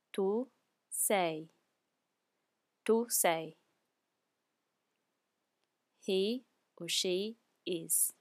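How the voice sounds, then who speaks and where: Slow, patient woman teaching a language. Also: lowish voice. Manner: patient, explains clearly, repeats each phrase twice. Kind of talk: slow spoken language lesson.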